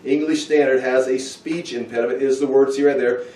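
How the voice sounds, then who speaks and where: A man's voice: medium pitch, steady tone, a little fast, warm tone. A man teaching a Bible study who thinks aloud with restarts and asides. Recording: roomy, from far off the mic.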